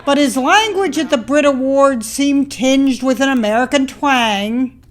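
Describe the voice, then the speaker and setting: A woman with a high voice narrates a packaged entertainment news story. Her reporting is scripted and lightly playful, with a crisp broadcast delivery. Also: unhurried, background noise.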